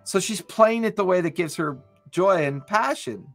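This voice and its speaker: Man, podcast host, rambling and eager, slightly raised pitch, faint music behind. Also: expressive, normal speed, fairly bright tone. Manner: rambling, enthusiastic, many restarts. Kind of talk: casual chat.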